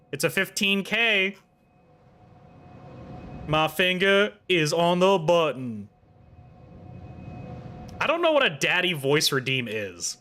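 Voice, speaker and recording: A man's voice: on the high side, sharp tone, a little hiss or hum. A man streaming a video game, chatting casually with his viewers in a playful, teasing way. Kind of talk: casual livestream chat.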